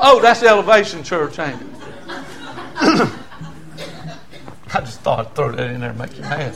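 An older man with a drawl preaches a sermon in a folksy, storytelling way. His voice sits high for a man. He swings between ringing shouts and low, confiding asides. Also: sing-song, normal speed, gravelly, pauses often. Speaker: pastor.

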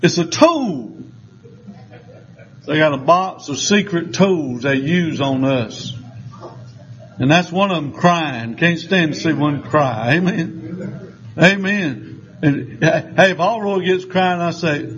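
An older man with a drawl preaches to his congregation, spinning folksy, joking stories. His voice sits high for a man, and the recording sounds a little dull and muffled. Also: unhurried, fairly bright tone. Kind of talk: sermon.

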